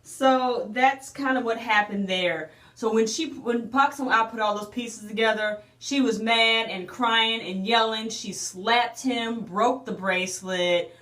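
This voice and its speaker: A woman's voice: a little high, measured pace, few pauses, fairly bright tone, reverberant. A woman casually recapping a drama episode, chatty and emotional with lots of fillers and restarts. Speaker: drama reviewer.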